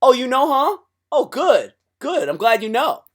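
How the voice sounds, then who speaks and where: A man's voice: very high voice, big pitch swings, unhurried, voice pushed up, exaggerated voice. A man putting on the voice of a blissed-out stoned man who sounds giddy and pleased.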